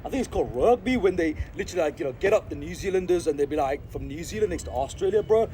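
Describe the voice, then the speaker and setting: Slangy, rambling man with a mellow voice. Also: fairly high pitch, expressive, fast talker, a little hiss or hum. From Sri Lanka. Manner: slangy, rambling, repeats "hey, dog" and "I gotta be honest". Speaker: vlogger. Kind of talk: rambling casual vlog monologue. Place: outdoors in an urban spot.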